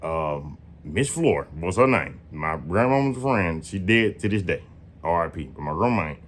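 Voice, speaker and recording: A man in his late twenties telling a story in casual, slangy, profane talk, often jumping into high-pitched quoted dialogue. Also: animated, moderate pace.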